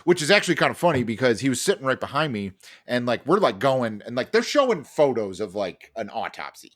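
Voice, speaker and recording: A man's voice: mid-range voice, big pitch swings, fairly quick, a bit bright. A man co-hosting a podcast, telling a story in casual chat, full of fillers, restarts and swearing. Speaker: podcast co-host.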